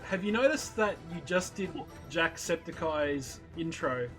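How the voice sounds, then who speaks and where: A fairly high-voiced Australian man hosts a live stream in casual voice chat. He talks at length in a loose, chatty way while faint music plays behind him. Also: expressive, measured pace, a bit bright, poor audio. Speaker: streamer host.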